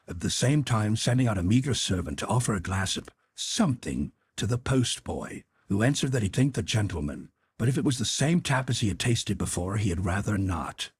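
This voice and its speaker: Husky, low-voiced male audiobook narrator. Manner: expressive storytelling. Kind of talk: scripted narration.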